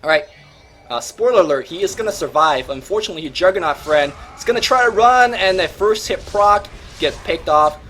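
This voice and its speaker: A man hosting a gaming show, commentating replays in an energetic, joking, slangy way. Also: high voice, a little fast, slight background noise. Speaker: host and caster.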